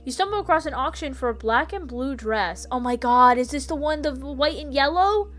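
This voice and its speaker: A woman's voice: high-pitched, animated, moderate pace, fairly bright tone. A woman streaming a detective game, chatting with viewers, giggling and reading the game text aloud. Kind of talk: casual let's-play commentary. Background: faint background music.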